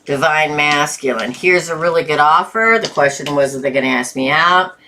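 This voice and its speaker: Chatty woman tarot reader, lowish voice. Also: normal speed, a little hiss or hum. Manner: chatty, laughs often, bursts of excitement. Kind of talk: live tarot reading stream.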